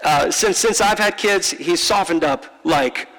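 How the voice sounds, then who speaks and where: A man preaching a sermon, telling a personal story in a heartfelt, halting way, often repeating words and slowing down for emphasis. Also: sits high, fairly bright tone, big-room sound, poor audio. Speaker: pastor. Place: large church.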